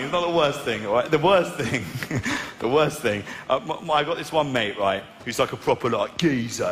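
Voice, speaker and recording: A young man with a posh southern English accent doing a stand-up set on stage, plummy and self-mocking as he tells animated stories. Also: medium pitch, fairly quick. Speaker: stand-up comedian. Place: large arena stage. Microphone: stage microphone. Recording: echoey arena with crowd noise.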